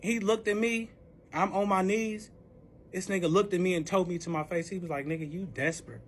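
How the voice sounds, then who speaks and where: High-voiced young man telling a wild story. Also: steady tone, brisk, slight background noise. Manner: rambling, profane, full of "like" fillers; swings between hushed recounting and heated outbursts. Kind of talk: casual storytime.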